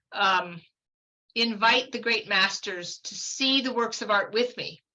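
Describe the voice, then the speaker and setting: A woman's voice: medium pitch, pushed and bright, highs cut off. A woman in her fifties telling a long personal story as a podcast guest, chatty and meandering, full of fillers and asides. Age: 50s. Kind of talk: casual storytelling.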